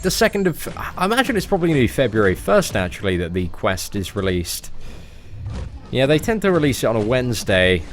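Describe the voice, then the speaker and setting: A man in his twenties with a fairly posh English accent, chatting casually as he answers viewer questions on a live stream. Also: fairly low pitch. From England. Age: 20s.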